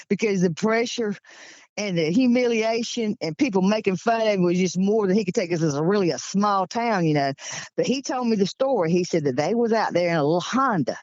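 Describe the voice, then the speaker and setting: A woman's voice: medium pitch, moderate pace, dry recording, lo-fi sound. A woman in her sixties from Georgia with a Southern accent, telling stories as an interview guest and acting out the voices of the people in them. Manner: lively storyteller acting out quoted voices. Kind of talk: storytelling in an interview.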